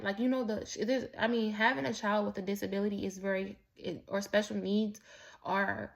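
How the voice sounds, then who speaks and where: A woman with a gravelly, medium-pitched voice, a vlogger of Mexican heritage, tells a personal story in a rambling monologue. It's casual, candid, and profane, full of restarts and asides.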